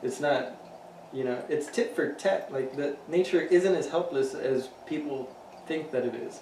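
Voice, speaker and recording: A man's voice: fairly high pitch, unhurried, darkish tone. Guy rambling on a podcast, cussing a lot, sounds kinda far from the mic in an echoey room with faint hum. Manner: loose, profane storytelling. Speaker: podcast co-host. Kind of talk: casual chat.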